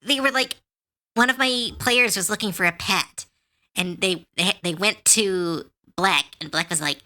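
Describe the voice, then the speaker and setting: A woman artist chatting casually on a livestream while she draws, talking in a chatty, animated way with many fillers and restarts. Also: mid-range voice, a little slow. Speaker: artist streamer.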